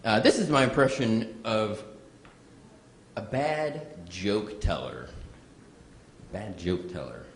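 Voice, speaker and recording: Male stand-up comic, slow deliberate delivery, swooping lively pitch, roomy live-club sound. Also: a little hiss or hum. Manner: animated storytelling, audience asides. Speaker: stand-up comedian. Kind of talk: stand-up comedy set. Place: comedy club stage with live audience.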